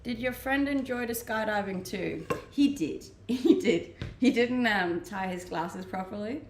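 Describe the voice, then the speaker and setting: A young woman from Denmark who speaks English with a Danish accent, chatting casually as a livestreamer and answering viewer messages in a relaxed way, laughing often. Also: medium pitch, unhurried. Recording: echoey room with faint ambient noise.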